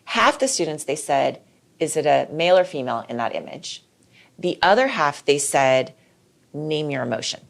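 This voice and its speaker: Low, gravelly-voiced woman explaining calmly. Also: moderate pace. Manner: explanatory, lively, acts out quoted voices. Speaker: clinical psychologist guest. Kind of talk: casual podcast conversation.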